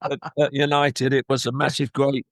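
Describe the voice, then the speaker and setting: In clean studio sound without echo, a medium-pitched older man speaks at a normal pace. Once a footballer, he rambles through animated interview stories, performing the quoted words of others.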